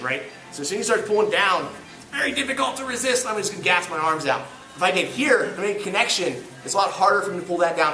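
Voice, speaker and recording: With a high, bright, and forceful voice, a jiu-jitsu instructor runs a live grappling class at an indoor gym. He works through techniques on a partner and jokes about himself as he coaches, heard from far off with plenty of echo.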